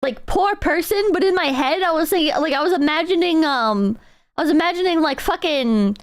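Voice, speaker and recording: A woman streamer chatting with her viewers in a casual, animated, mocking way as she reacts to a clip. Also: high voice, moderate pace. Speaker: streamer host.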